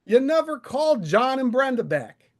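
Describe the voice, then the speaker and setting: A man's voice: very high voice, big pitch swings, normal speed. A man hosting a live stream, airing his grievances in a sarcastic, aggrieved rant. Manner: aggrieved, sarcastic, mocking impressions.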